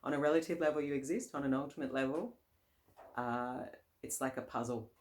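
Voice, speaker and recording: A woman's voice: extremely low pitch, fairly quick, darkish tone. A woman, a Buddhist nun and teacher, giving a casual, conversational dharma talk, often laughing and circling back with fillers and restarts.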